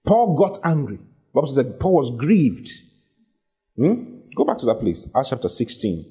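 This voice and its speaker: A man's voice: mid-range voice, wildly swooping pitch, moderate pace, warm tone, slightly rough. A man preaching a sermon, emphatic and repeating his key phrases as he exhorts the congregation.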